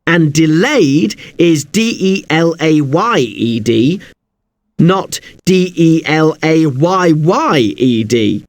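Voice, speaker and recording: A man teaching an English spelling lesson, spelling words out slowly letter by letter. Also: fairly high pitch, big pitch swings.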